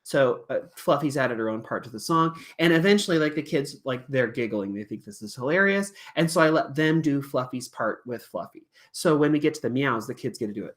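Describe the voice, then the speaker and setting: A woman's voice: rumbling low, expressive, fairly quick, hardly any pauses. A woman teacher explaining a puppet lesson in a chatty way, with many fillers.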